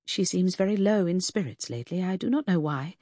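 A woman voicing a scarred, veiled woman who speaks softly and ruefully, in a period audiobook. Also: on the low side, expressive, a little fast, dry recording, studio quality. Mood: troubled. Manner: soft, rueful speech.

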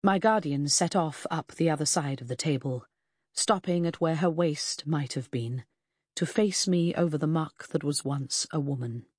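A woman narrating a novel in the first person, in a measured reading that slows on grim details. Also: low voice, husky, dry recording, clean studio sound. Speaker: audiobook narrator.

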